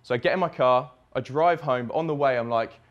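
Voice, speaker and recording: A young man speaks at a summit, walking through a personal story step by step in the present tense. His pitch sits in the ordinary middle for a man. His delivery is vivid, with blunt swearing. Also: fairly quick, muffled recording. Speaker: speaker at a fitness business summit. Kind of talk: storytelling keynote talk.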